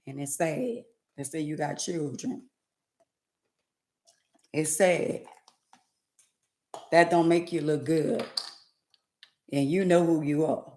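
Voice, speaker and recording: A woman's voice: low-pitched, takes it slowly, pauses often, mellow, reverberant. A woman vlogger delivering an indignant, emphatic rant to her viewers, repeating her phrases for effect. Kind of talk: ranting commentary to camera.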